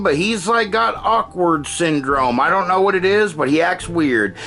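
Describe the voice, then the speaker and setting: A man's voice: high voice, pushed and bright. A man recapping a movie in a casual, sarcastic and profane way, often acting out what characters say. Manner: sarcastic, swears freely, acts out quotes. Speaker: movie reviewer.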